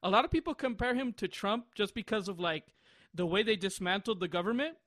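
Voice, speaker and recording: A man's voice: high-pitched, a little fast, a bit bright, no echo, clean studio sound. A man in his twenties, hosting a podcast, chatting casually and telling a long rambling story with bursts of laughter. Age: 20s. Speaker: podcast host. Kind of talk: casual chat.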